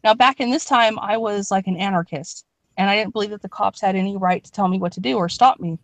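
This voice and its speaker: A woman's voice: medium pitch, quick pace, no echo. Young woman, rambling storyteller, swears a lot, dry close mic. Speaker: podcast co-host. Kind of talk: casual storytelling chat.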